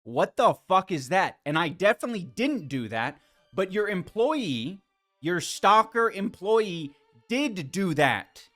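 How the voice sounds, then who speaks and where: An exasperated man riffs on a clip with sarcasm and frequent swearing. His voice swings widely in pitch, sitting a little high for a man. Faint music runs underneath. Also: sing-song, takes it slowly, a bit bright. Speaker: podcast host reacting to a clip. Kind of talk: casual reaction commentary.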